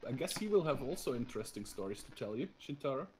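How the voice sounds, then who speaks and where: A man's voice: mid-range voice, big pitch swings, fast, darkish tone. A man streaming a strategy game, chatting casually, laughing often and reading out viewer comments. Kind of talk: casual gaming stream chat.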